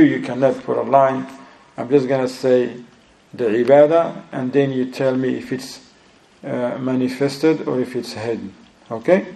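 Mellow-voiced man teaching a class. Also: poor audio. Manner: switches between English and Arabic terms, quizzes students; acts out inner voices in a lower, quieter tone. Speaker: Islamic studies teacher. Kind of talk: classroom lesson with students.

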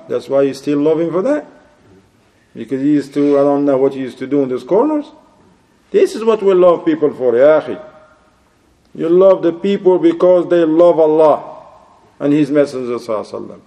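Speaking in a fairly high, expressive, mellow voice at a brisk clip, a man preaches an Islamic religious lecture. He urges his audience on through rhetorical questions and phrases in Arabic.

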